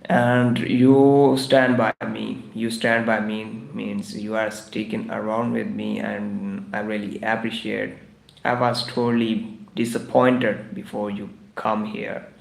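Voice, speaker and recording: On a live stream, a man teaches English idioms in broken English, repeating each phrase several times. His lowish voice is creaky, and the live stream microphone picks up an echoey room.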